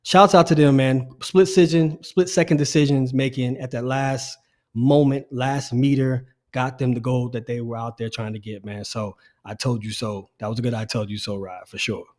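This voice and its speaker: A middle-aged man co-hosting a casual sports podcast, animated and repeating his phrases as he talks. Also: medium pitch, moderate pace. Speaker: podcast co-host.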